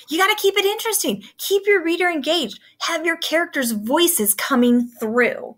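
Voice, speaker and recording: A woman's voice: very high-pitched, normal speed, fairly bright tone. A woman teacher giving a recorded writing lesson, upbeat and instructive as she addresses students.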